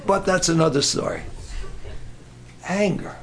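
High-voiced middle-aged guy preaching a sermon, lively, acts out voices, shouts now and then. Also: measured pace, gravelly, a little hiss or hum.

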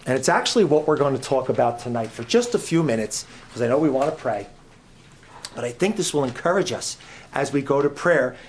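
A man's voice: mid-range voice, lively intonation, a little fast, slight background noise. A man giving an informal sermon as a guest preacher in a church, chatty and joking, often repeating his phrases.

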